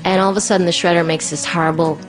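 Animated woman storyteller, lowish voice. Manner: animated, acts out voices of the people in her story. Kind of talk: personal storytelling monologue.

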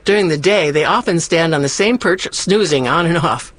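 A woman hosting a short radio segment, reading scripted narration in a measured way. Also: deep voice, no echo. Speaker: host of a bird radio segment.

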